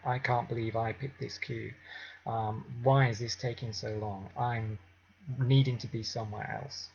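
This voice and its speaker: A man teaching mindfulness in an unhurried, conversational way, with many filler ums. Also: mid-range voice, vocal fry, highs cut off, slight background noise. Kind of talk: informal teaching talk.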